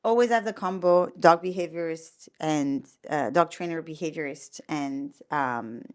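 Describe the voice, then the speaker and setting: A woman with an Italian accent talks in a fairly low voice, giving casual advice as a dog trainer and behaviorist. She is chatty and loose, packing her talk with fillers and restarting her sentences. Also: a little slow, a little mellow. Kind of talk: casual explainer vlog.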